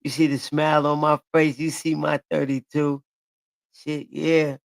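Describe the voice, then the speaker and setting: Gravelly man in his forties chatting. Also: on the high side, flat delivery, unhurried. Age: 40s. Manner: loose, profane, boastful banter. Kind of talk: casual chat.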